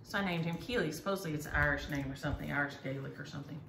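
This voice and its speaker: A middle-aged needlework vlogger chats enthusiastically as she shows off her work. Her voice sits low, creaky and a bit bright, and she races along in a casual chat recorded in an echoey room with faint ambient noise.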